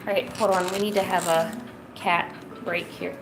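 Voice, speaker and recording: This woman, drawing on a home stream, talks casually at a moderate pace in a low-leaning, level voice. Her chat rambles and is full of fillers, and she breaks off now and then to coax her cat, with lo-fi music in the background.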